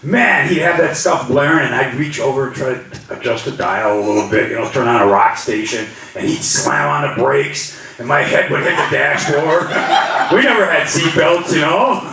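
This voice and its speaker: A man's voice: a little high, normal speed, creaky. A middle-aged man doing a stand-up comedy set, telling rambling stories and acting out the voices of the people in them. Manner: rambling storytelling, acts out voices. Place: comedy club stage. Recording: roomy hall, mic from a distance, loud crowd. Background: audience laughter.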